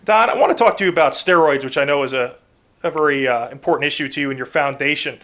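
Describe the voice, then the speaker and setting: A man hosting an interview, asking measured, direct questions. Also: fairly high pitch, a bit bright. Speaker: interview host.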